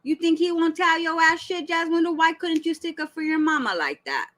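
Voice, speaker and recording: A woman's voice: very high-pitched, animated, moderate pace, fairly bright tone, poor audio. A woman hosting a reaction channel, giving blunt, profane, heated commentary full of rhetorical questions.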